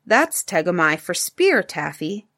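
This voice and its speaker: Woman doing a patient caveman dad, lively up and down, storybook reading. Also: lowish voice, unhurried, full character voice. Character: cave-man father, patient and playful.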